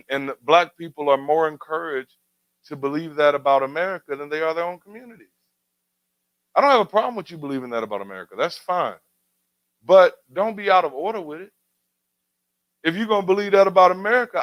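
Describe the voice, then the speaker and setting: A man's voice: fairly high pitch, fairly bright tone, dry recording, poor audio. Preacherly man with a raised voice. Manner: preacherly, rhetorical questions, builds emphatic refrains. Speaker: radio show host. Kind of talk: community talk radio commentary.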